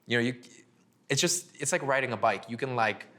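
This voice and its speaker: A young man telling his business story in an interview, animated and full of fillers, acting out conversations. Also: medium pitch, a little fast. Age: young adult. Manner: animated, filler-heavy, acts out dialogue. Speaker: agency owner guest.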